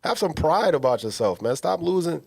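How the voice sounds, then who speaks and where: A podcast co-host with a creaky, slightly rough voice on the high side talks at normal speed. In a small studio, he tells funny stories animatedly, slangy and emphatic in casual chat.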